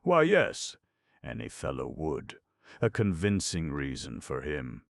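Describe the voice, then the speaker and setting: A man's voice: extremely low pitch, wildly swooping pitch, slow, vocal fry, dry recording, clean studio sound, heavily acted. A man voicing a big, hot-tempered young man who blusters and rages in an audiobook. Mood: indignant. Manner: blustering, loud, indignant.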